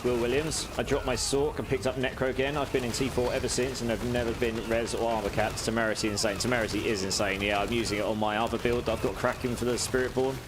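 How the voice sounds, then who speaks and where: A man's voice: medium pitch, level tone, quick pace, few pauses, noisy background. A British man streaming a game live, chatting casually as he reads out and answers viewer messages.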